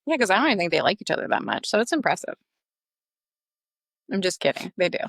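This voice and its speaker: Sassy young woman co-host, gravelly fry in her voice, dry close mic. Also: on the low side, big pitch swings, fast talker, a bit bright, no room sound. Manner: sassy, teasing, swears casually. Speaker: podcast co-host. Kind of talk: casual book discussion.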